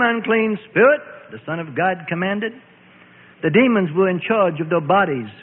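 A man narrating a Bible story in a dramatic, vivid storytelling style, heard through a tinny radio broadcast. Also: high voice. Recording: tinny phone-like radio with long reverb.

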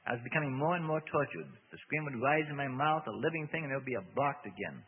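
A man's voice: mid-range voice, fast talker, slightly rough. A man reading a religious memoir aloud on the radio, with folksy asides of his own. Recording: tinny phone-like radio broadcast.

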